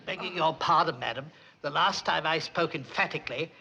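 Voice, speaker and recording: An actor playing a stiff, long-suffering formal butler with starchy, correct diction. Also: male voice, on the high side, a little fast, vocal fry, lo-fi sound, a crowd in the background, background noise. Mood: dry.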